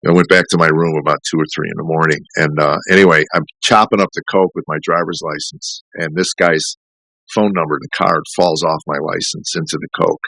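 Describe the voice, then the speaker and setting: A man's voice: rumbling low, fairly even intonation, fairly quick, vocal fry, bright, forceful tone, no room sound, rough recording. A middle-aged man, a comedian, telling a candid, rambling personal story in a podcast interview, full of restarts and fillers. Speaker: comedian guest.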